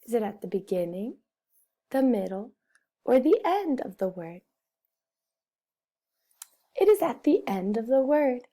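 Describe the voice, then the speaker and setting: A woman's voice: on the high side, big pitch swings, a little slow, pauses often, warm tone. A woman teaching a phonics lesson to young children, carefully sounding out and repeating each word. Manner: over-enunciates words and repeats them, speaks to children. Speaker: first-grade teacher.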